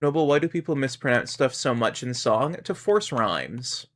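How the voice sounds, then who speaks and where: A man's voice: mid-range voice, expressive, normal speed, fairly bright tone. A man with a Canadian accent chatting casually while streaming a game, rambling and musing aloud. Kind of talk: casual gaming stream chat.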